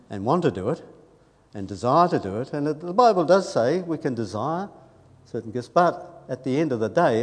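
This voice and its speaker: An earnest man preaching in a church. His delivery is conversational, with quiet asides and emphatic rises. His voice rings with a long reverb from the hall. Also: mid-range voice. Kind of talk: sermon.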